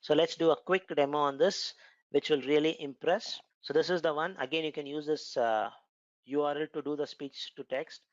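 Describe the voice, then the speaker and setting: A man's voice: on the high side, steady tone, normal speed, dry recording. A man with an Indian accent explaining a cloud computing course in a conversational tutorial style, with frequent fillers and repeated words. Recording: dull, lo-fi, dry sound.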